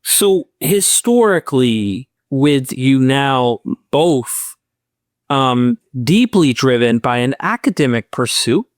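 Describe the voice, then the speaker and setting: A man hosting a podcast, asking long, deliberate questions in a conversation. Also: medium pitch, big pitch swings, no room sound, clean studio sound. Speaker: podcast host. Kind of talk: interviewing in conversation. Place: indoors, in-person conversation.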